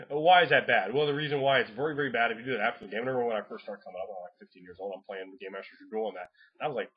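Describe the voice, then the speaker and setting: A man giving casual game master advice in a rambling, profane way, laughing often and acting out players in quick voices. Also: on the low side, husky. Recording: dull lo-fi home recording.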